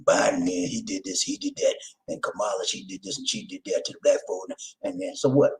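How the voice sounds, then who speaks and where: A man hosting his own video channel, talking casually straight to his viewers, shouting out names and preaching about community. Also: low-pitched, wildly swooping pitch, fast talker, creaky, low-quality recording. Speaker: vlog host. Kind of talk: casual direct-to-camera chat.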